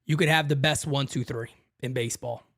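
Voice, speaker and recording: A man hosting a casual fan show and answering callers in an animated, slangy way that repeats itself. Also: medium pitch, fairly quick. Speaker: host taking fan calls.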